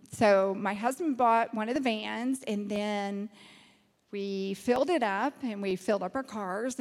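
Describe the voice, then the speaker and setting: A woman, a ministry leader giving an emotional testimony to a church gathering, laughing often as she talks. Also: mid-range voice. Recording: long reverb of a hall.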